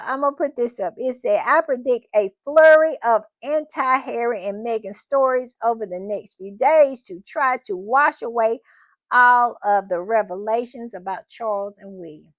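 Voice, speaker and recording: A woman's voice: a little high, a bit bright, no echo. A woman hosting a casual commentary show, talking in a chatty, emphatic way and often repeating her phrases. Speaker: commentary channel host.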